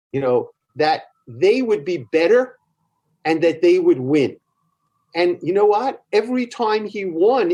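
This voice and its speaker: A man's voice: fairly high pitch, dark tone. An older man with a Brooklyn accent, a therapist guest on a podcast, telling long stories in a rambling way with many fillers and restarts. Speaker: guest, psychotherapist. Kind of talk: conversational storytelling.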